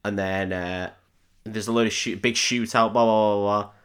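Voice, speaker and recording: A man's voice: on the low side, steady tone, normal speed, fairly bright tone, clean tone. A man hosting a comedy podcast, recapping a film in a loose, rambling way, laughing often and dropping into silly voices. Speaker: podcast host.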